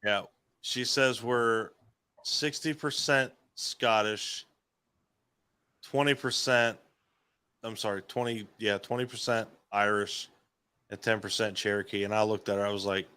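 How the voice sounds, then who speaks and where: A man's voice: lowish voice, fairly even intonation, measured pace, long pauses, bright, forceful tone, clean tone. A man co-hosting a casual, profane video-call chat, joking and swearing freely. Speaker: podcast co-host.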